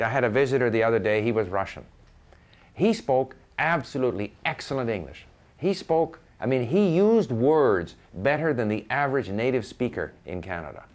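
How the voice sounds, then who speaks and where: An older man giving conversational advice on learning languages, often restarting his sentences and spelling words out letter by letter. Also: mid-range voice.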